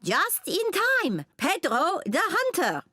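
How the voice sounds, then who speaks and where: An actress playing a kindly grown-up cartoon animal in a gentle, theatrical way, with a breathy voice. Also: female voice, extremely high pitch, wildly swooping pitch, slow, no room sound, studio quality, full character voice.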